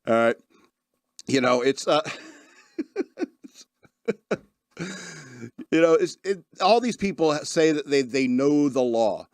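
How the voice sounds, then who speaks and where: A man's voice: on the high side, animated, takes it slowly, pauses often, no echo, studio quality. Wry, rambling male podcast host. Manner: wry, rambling, laughs often, self-deprecating. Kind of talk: casual chat.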